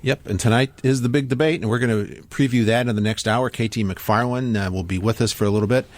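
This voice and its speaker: A man's voice: medium pitch, steady tone, fast, dry recording. A man hosting a talk radio show, chatting casually with a co-host and callers, with hesitant restarts. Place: radio studio. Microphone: studio microphone.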